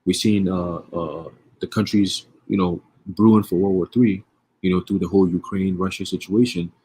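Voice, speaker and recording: A man's voice: low-pitched, fairly even intonation, normal speed, warm tone, breathy edge. A man giving casual, profane religious commentary, streetwise and emphatic, with frequent rhetorical questions. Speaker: online preacher.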